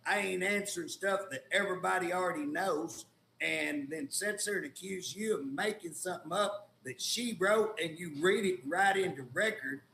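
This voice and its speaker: This man, an Oklahoma state legislator, talks casually on a talk show, telling a story with folksy indignation and loose grammar. His high voice is creaky, bright and forceful, recorded in a roomy space with faint hiss or hum.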